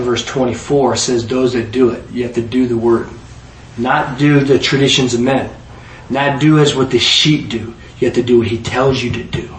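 A man preaching a sermon, telling stories and jokes, rising loud to drive points home, then dropping low. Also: a little hiss or hum. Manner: lively storyteller, rises loud to preach then drops low. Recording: echoey room heard from a distance.

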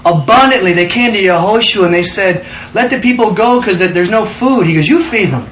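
Excitable high-voiced man teaching scripture. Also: a little fast, echoey room, highs cut off, a little hiss or hum. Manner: excitable, emphatic, calls for responses. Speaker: Bible study teacher. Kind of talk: Bible study teaching.

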